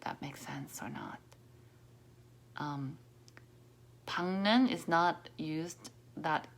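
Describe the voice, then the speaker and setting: A woman teaching a pronunciation lesson, patiently repeating sounds and often dropping to a soft near-whisper. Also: deep voice. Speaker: Korean language teacher.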